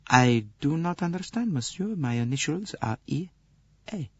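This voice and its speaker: A man's voice: a little high, animated, moderate pace, darkish tone, breathy edge, no echo, muffled recording, pitched above the performer's own voice. A man voicing a proud, guarded young countess who gives cool, clipped denials.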